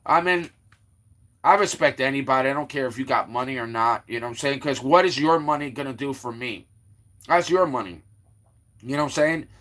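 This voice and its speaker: A man's voice: medium pitch, fairly quick, fairly bright tone. A man hosting a casual livestream, rambling with lots of fillers and restarts as he greets and teases viewers in the chat. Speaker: livestream host. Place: Florida.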